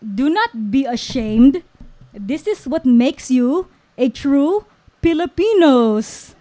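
Woman voicing a teasing old grandpa, gentle, slow, slightly high voice. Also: lively intonation. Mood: fond.

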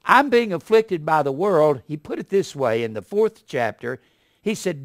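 A man delivers a sermon in a folksy, animated way. His voice sits fairly high, and he swings from loud emphasis to low asides. The sound is close and dry, with no room echo. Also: normal speed. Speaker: preacher.

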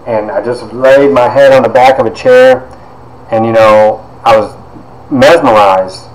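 A man in his fifties from Ohio, telling a personal story in an animated way with lots of quoted dialogue and fillers. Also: mid-range voice, measured pace. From Ohio, USA. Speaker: podcast host and author. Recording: echoey room with faint background noise.

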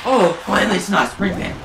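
A man hosting a video game reaction vlog, expressive and shifting between chatty explanation and loud excited yelling. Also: a little high.

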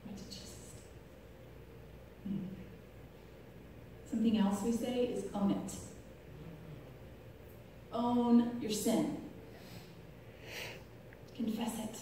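A woman's voice: on the high side, steady tone, slow pace, long pauses, dark tone. A woman giving a chatty, laugh-filled faith testimony to a live audience. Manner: chatty, laughs often at her own stories. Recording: echoey hall from far off, faint noise.

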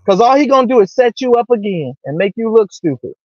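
A man's voice: high-pitched, very animated, fast talker, a little mellow, dry recording. A man doing casual commentary on a vlog, teasing and mocking his targets. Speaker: commentary vlogger. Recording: dull dry lo-fi sound.

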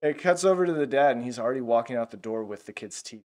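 Man, mid pitch, casual animated Bible teacher, loose and chatty. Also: quick pace. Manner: casual and animated, many fillers. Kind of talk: Bible lesson.

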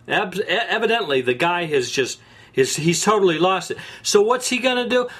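An angry man hosts an opinion show, ranting through a political monologue in a voice that's high and a bit bright for a man. His sarcasm comes in bursts, and he stumbles and restarts as his fury grows.

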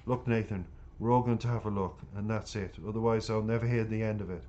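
A man reading a calm, steady teenage boy. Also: lowish voice, fast, muffled recording, close to an everyday voice. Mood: reassuring. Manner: steady, reassuring, matter-of-fact. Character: calm, self-assured teenage boy, protective friend. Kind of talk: audiobook character reading.

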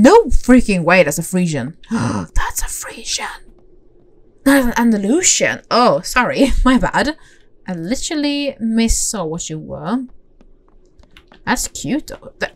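A young woman giving casual, excitable commentary as she plays a horse game, talking to herself and the horses with gasps and squeals. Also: fairly high pitch, unhurried. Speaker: gaming channel host.

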